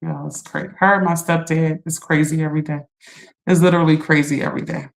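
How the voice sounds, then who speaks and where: A woman's voice: low-pitched, steady tone, fast, gravelly. A middle-aged woman, chatting on a livestream and reading viewer comments, laughing and teasing. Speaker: livestream host.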